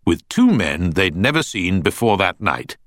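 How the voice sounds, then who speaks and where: A man's voice: low voice, big pitch swings, fairly bright tone, no echo, studio quality, voice pushed up. A man doing a probing trial barrister. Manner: measured, pointed cross-examining. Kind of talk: audiobook character voice.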